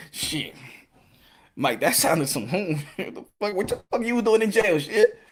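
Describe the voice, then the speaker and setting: A man with a New York accent hosting solo boxing commentary in an animated, profane, laughing casual style. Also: high voice, measured pace, husky.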